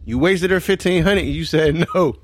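A man's voice: fairly high pitch, dry recording, studio quality. A man co-hosting a podcast in casual chat, setting up long slangy hypotheticals. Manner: storytelling, slangy, drawn-out setups.

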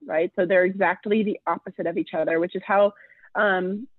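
A woman's voice: lowish voice, dry recording. Chatty woman on a tinny line. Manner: chatty, many filler "like"s. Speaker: podcast co-host. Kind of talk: casual astrology chat.

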